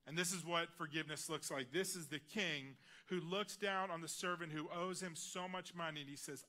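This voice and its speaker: A man preaching a sermon in a church, earnest and personal, dropping his voice quietly on key lines. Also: on the high side, steady tone, normal speed, hardly any pauses. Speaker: guest preacher. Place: large church auditorium.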